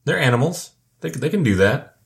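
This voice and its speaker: A woman's voice: extremely low pitch, expressive, normal speed, creaky. A woman co-hosting a podcast, throwing in teasing jokes and swearing freely during a casual movie recap. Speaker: podcast co-host.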